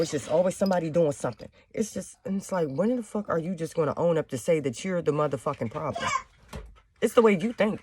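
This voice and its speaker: A woman's voice: on the low side, darkish tone. A young woman hosting a faith talk show from home, speaking bluntly with heavy cursing and a preachy edge. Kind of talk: casual monologue to viewers. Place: home with children nearby.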